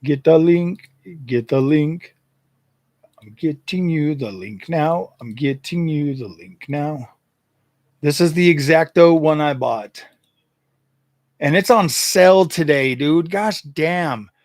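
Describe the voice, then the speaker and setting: A man's voice: fairly high pitch, slow pace, no room sound. A man hosting a tech channel, chatting casually and animatedly, exasperated, often stammering and repeating himself. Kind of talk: casual livestream chat.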